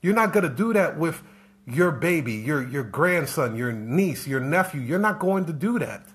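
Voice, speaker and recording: A man in a live-streamed coaching talk, hammering home his point with one rhetorical question after another. His voice sits a little on the high side, and he circles back over the same phrases with a preachy, insistent drive. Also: animated, normal speed. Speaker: business coach.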